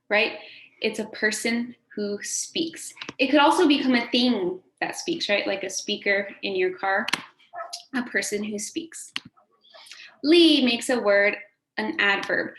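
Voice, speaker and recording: A woman's voice: mid-range voice, a bit bright. A woman teacher giving a recorded phonics lesson to a class, encouraging and sing-song, drawing out words for the children to repeat. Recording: echoey room, faint background noise.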